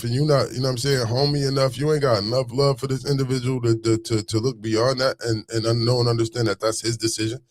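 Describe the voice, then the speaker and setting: A man's voice: medium pitch, a little mellow, dry recording. A man telling a story in a casual monologue, full of street slang, repeating phrases as he goes on a rant.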